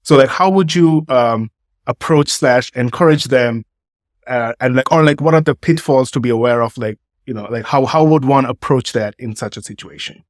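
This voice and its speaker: Halting male interviewer, dry close sound. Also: medium pitch, no echo. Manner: searching, halting, with many "like" fillers and restarts. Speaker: podcast host interviewing a guest. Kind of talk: casual conversational interview.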